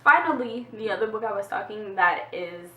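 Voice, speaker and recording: A woman's voice: mid-range voice, lively intonation, moderate pace, sharp tone. A young woman with a Québécois French accent, French her first language, chatting casually about her books with lots of "like". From Quebec, Canada. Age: young adult. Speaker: booktuber. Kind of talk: casual book haul vlog. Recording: echoey room, distant mic.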